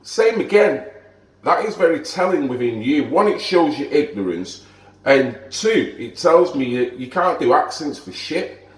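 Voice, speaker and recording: A man's voice: mid-range voice, expressive, normal speed, roomy sound, low-quality recording. A man vlogging, ranting to the camera in an indignant, lecturing way.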